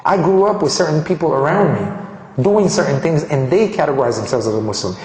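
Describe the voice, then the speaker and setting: A man from Colombia giving a personal testimony, animated and restarting phrases as he tells his story. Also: a little high, fairly quick, slight background noise. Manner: animated, acts out quoted dialogue, frequent restarts. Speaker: speaker sharing his conversion story. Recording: echoey hall reverb.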